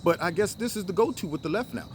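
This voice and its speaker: A man hosting a solo political commentary show, talking in an animated way and acting out other people with high, exaggerated voices. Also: fast, a little hiss or hum.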